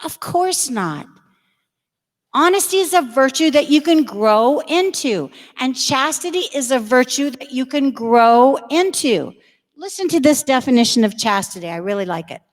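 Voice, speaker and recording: A woman's voice: high-pitched, animated, moderate pace. A middle-aged woman giving a direct, storytelling talk to confirmation students in a large church, speaking straight to the crowd. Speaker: religious education speaker. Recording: reverberant church hall.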